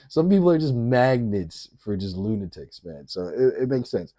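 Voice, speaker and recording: A man's voice: lowish voice, very animated, normal speed, hardly any pauses, mellow. A man reacting to a video in casual, rambling commentary, swearing freely and often laughing as he talks.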